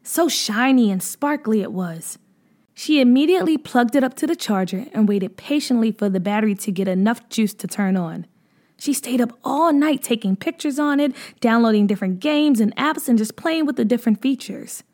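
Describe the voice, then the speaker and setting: A woman narrating a children's story in a gentle, measured read-aloud manner. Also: fairly high pitch, animated.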